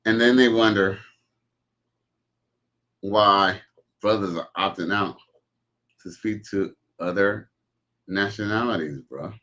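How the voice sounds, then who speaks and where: A man's voice: on the low side, slow pace, long pauses, fairly bright tone, muffled recording. A man hosting a livestream, giving blunt, preachy commentary in a drawling way. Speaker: streamer host.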